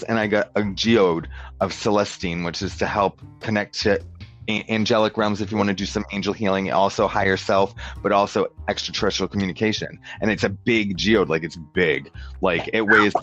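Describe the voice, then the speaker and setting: Low-voiced guy rambling casually, lots of like, acts out the dialogue, muffled lo-fi sound. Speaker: podcast guest. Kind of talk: casual chat.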